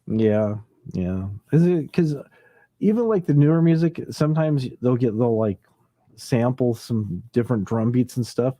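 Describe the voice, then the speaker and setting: Mellow-voiced man chatting casually late at night. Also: mid-range voice, animated, unhurried, dry recording, studio quality. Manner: rambling, laughs easily, mimics sounds. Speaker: livestream host. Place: home livestream setup.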